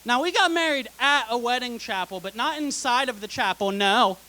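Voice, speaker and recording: A woman's voice: fairly high pitch, normal speed, sharp tone, rough recording. A young woman doing a stand-up comedy set on a theater stage, delivering sarcastic, dry punchlines into a stage mic. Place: theater stage before a live audience.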